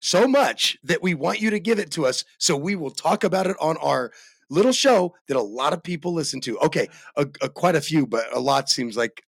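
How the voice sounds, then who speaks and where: A man's voice: a little high, animated, brisk, vocal fry, slightly rough, dry recording. A man co-hosting a sports podcast in loose, joking, profane casual chat. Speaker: podcast co-host.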